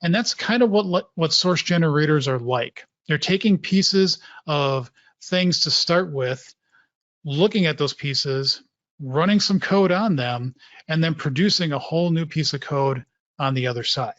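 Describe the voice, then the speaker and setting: Male presenter, slightly raised pitch, casual technical talk, dry and slightly muffled recording. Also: measured pace, no echo. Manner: relaxed explanatory, repeats points for emphasis. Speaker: presenter at a developer meetup.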